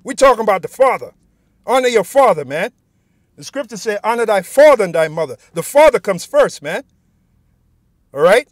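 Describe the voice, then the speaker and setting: A man's voice: sits high, very animated, moderate pace, long pauses, dry recording, clean studio sound. A man giving an informal sermon, reading scripture aloud and speaking bluntly and profanely, often tacking "man" onto his sentences. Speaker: preacher.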